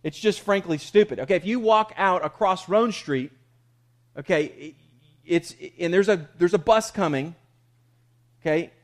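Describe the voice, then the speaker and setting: High-voiced emphatic pastor, man. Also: unhurried, pauses often. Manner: emphatic, conversational, asks and answers his own questions. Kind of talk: sermon.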